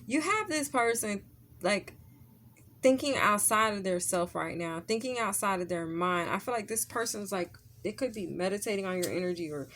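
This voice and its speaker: A woman's voice: mid-range voice, lively intonation, moderate pace, fairly bright tone. A woman giving a casual tarot reading, blunt and profane, who laughs often and keeps checking in with "okay?". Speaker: tarot reader.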